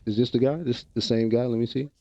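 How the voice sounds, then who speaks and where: A man's voice: medium pitch, steady tone, quick pace, warm tone, no echo, lo-fi sound. A man streaming live, chatting casually with viewers in loose slang and laughing often.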